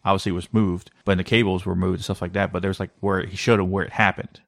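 A man with a low voice tells a story in an animated way and leans on filler words along the way. He is co-hosting a casual podcast. The mic is close and the sound is dry. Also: fast, creaky, no room sound. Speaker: podcast co-host. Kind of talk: casual conspiracy podcast chat.

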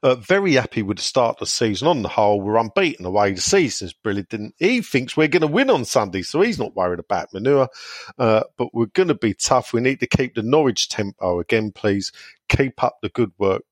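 A man's voice: mid-range voice, very animated, brisk, dry recording, studio quality. A man hosting a casual podcast, reading listener messages aloud in a jokey, irreverent way. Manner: jokey, irreverent, chuckles between lines.

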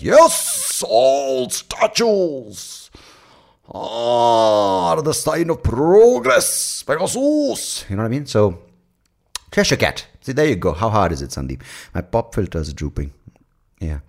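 Low-voiced indian guy rambling crude jokes on his podcast. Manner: rambling, crude, self-mocking. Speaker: podcast host. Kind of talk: comic podcast monologue.

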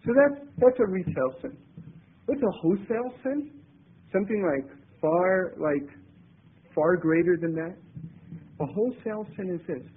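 Male religious teacher, high husky voice, halting and repetitive delivery, tinny lo-fi recording. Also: expressive. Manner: halting, repeats words and restarts. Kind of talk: spiritual talk with personal stories. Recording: tinny phone-like sound.

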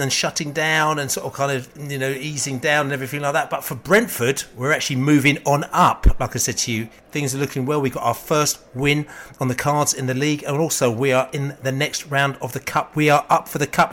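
A man from England hosting a casual fan podcast over a remote call, chatty and quick to laugh at his own stories. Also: fairly high pitch, fairly bright tone. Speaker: podcast host. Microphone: remote call mic.

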